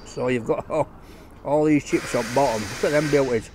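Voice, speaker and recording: A man's voice: mid-range voice, normal speed, a little mellow, a little hiss or hum. A man reviewing a takeaway meal in a chatty, enthusiastic, jokey way, talking outdoors on a street. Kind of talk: casual food review vlog.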